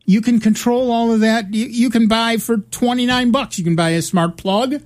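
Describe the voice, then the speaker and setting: A man's voice: extremely high pitch, steady tone, moderate pace. A middle-aged man chatting casually on a show, telling rambling stories with many restarts. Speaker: podcast co-host. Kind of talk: casual chat, storytelling.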